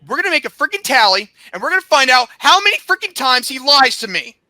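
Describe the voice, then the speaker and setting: This is a podcast host in full rant, his voice pitched unusually high for a man and cutting, almost sharp in tone. He talks with heated indignation and biting sarcasm, repeatedly rising into shouts. The sound is close and dry, with no room around it. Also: sing-song, fast, dry recording. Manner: sarcastic, mocking. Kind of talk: angry rant.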